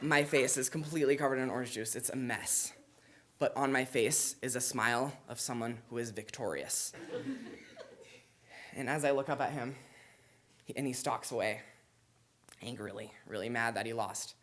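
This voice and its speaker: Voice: medium pitch, moderate pace, long pauses. Dramatic live storyteller at a school event. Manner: vivid, dramatic, building suspense then hushed.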